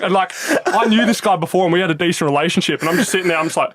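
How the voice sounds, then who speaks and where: Guest spot: young man, lively anecdote teller, salty language, dry close sound, voice sits a touch high. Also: racing, no room sound. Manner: animated, laughing, swears freely. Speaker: guest, tennis player. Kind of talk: casual podcast storytelling.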